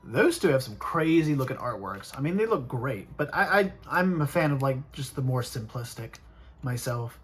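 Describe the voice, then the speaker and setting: A vlogger chatting casually while opening trading cards, rambling with frequent restarts and animated asides. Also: medium pitch, normal speed, husky, faint music behind. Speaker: card-collecting vlogger.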